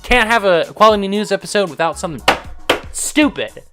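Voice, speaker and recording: A young man hosting a casual news commentary vlog, animated and ranting, with frequent fillers. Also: high-pitched, brisk, over music. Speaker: host.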